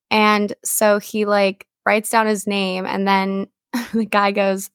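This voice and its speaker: A woman's voice: mid-range voice, flat delivery, measured pace, gravelly, dry recording, studio quality. A young woman co-hosting a podcast, telling a story in a chatty way with lots of fillers. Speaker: podcast co-host. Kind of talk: casual chat.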